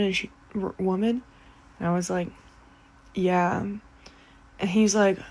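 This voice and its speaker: A young woman telling a story in a casual, animated, profane way, acting out the other people's voices. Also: medium pitch, moderate pace.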